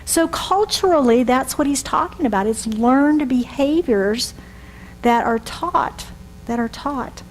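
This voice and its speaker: Older woman minister, relaxed conversational sermon delivery with rhetorical questions; faint hum under the recording. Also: high voice, poor audio. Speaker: reverend.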